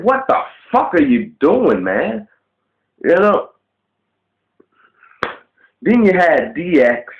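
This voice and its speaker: Man venting on a home video, mid pitch, profane and blunt, roomy dull lo-fi sound. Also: fairly bright tone. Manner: blunt, profane, ranting with rhetorical questions. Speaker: vlogger. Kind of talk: casual rant to camera. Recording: roomy, dull lo-fi webcam audio.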